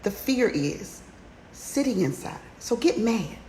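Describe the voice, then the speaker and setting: A woman coaching a women's challenge in a motivational livestream talk, urging listeners on with fiery, repetitive exhortations that climb to near-shouts. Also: a little high, big pitch swings, slow pace. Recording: roomy echo with faint background noise.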